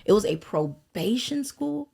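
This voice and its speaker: A woman from Arkansas telling crude, animated stories in a casual podcast chat. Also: medium pitch, a little slow, creaky, breathy edge. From Arkansas, American South. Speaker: podcast guest.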